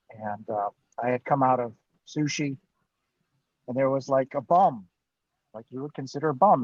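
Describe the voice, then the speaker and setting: A man's voice: mid-range voice, a little mellow, dry recording. Male guest, rambling storyteller, dull dry lo-fi sound in a car. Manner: rambling, full of "you know" and "I'm like". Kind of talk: personal storytelling. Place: inside a parked car.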